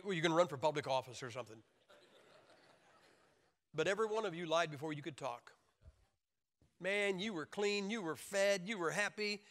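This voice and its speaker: Emphatic joking preacher man in a hall. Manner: emphatic, joking, acts out crying babies in high shouts. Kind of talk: sermon. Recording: long hall reverb.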